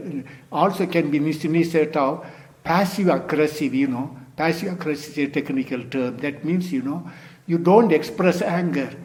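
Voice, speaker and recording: Older Zen teacher giving a rambling talk. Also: male voice, on the high side. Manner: meandering, repeats "you see" and "you know"; non-native English phrasing. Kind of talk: dharma talk.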